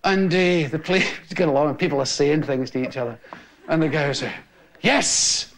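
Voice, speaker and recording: Talking fast in a voice on the high side, this Scottish man in his forties performs stand-up before a TV studio audience. He laughs while acting out the scenes of his stories, and the old TV recording is noisy.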